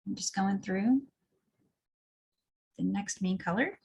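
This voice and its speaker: A woman instructor walks through a beadwork project one step at a time, chatting as her hands work. Her voice is slightly husky and sits at an ordinary middle pitch. She sounds easygoing and explains as she goes. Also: takes it slowly, darkish tone. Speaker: craft instructor. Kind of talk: step-by-step craft tutorial.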